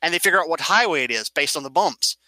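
Talking fast in a fairly high voice, a man animatedly retells film scenes during a casual chat, acting them out and explaining the details. The audio is poor but has no echo.

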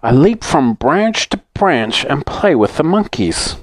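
A man's voice: fairly high pitch, big pitch swings, slow, no room sound, voice pushed up, full character voice. A man voicing a playful velvet toy cat in a storybook reading, with a raised, playful reading voice.

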